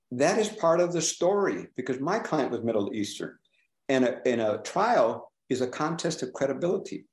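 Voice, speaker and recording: Animated trial lawyer, echoey room. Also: male voice, mid-range voice. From California. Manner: animated, asks the room questions. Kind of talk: panel discussion.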